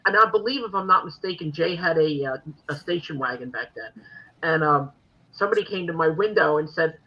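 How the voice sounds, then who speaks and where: A woman in her sixties co-hosting a podcast, telling stories in an animated way and laughing often. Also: on the low side, moderate pace. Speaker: co-host. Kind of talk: storytelling podcast chat. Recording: dull lo-fi recording.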